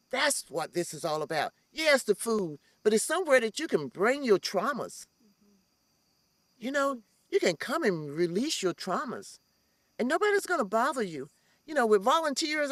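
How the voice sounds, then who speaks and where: In a dry recording, a woman with a medium-pitched voice talks earnestly in an interview about organizing a community farm. Her talk is heartfelt, and she repeats phrases to drive her points home.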